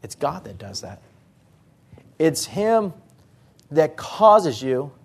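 Male pastor, mid-high voice, conversational sermon delivery, asks and answers his own questions. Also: big pitch swings, slow, creaky, breathy edge. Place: church.

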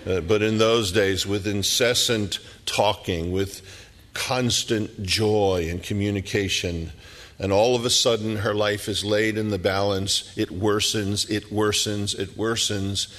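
A middle-aged man preaching a sermon, telling the story dramatically and dropping at times to hushed whispers. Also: fairly low pitch, fairly even intonation, slow, in a large hall.

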